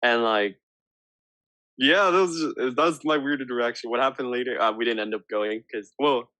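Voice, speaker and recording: Chill young guy cohosting, mid pitch, dry sound with no room echo, laughs a lot. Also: moderate pace, bright, forceful tone. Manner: laid-back, laughing, loose slang and swearing. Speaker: podcast co-host. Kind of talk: casual chat.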